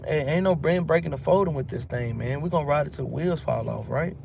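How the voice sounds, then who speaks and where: This Texan Bible teacher talks fast in a high-leaning, slightly mellow voice with vocal fry, reading verses aloud before loosely retelling them in street slang for his religious group. Slight background noise is present.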